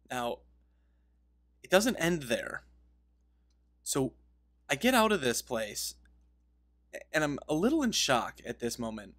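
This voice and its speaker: A man's voice: medium pitch, sing-song, unhurried, pauses often, fairly bright tone. A man giving casual gaming commentary, rambling through a story and interrupting himself, laughing at his own telling. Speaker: game video creator.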